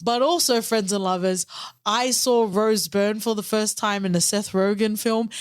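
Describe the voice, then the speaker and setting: A woman co-hosting a podcast in casual chat, candid and animated, who swears casually. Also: mid-range voice, moderate pace, smooth, no echo, clean studio sound. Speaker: podcast co-host.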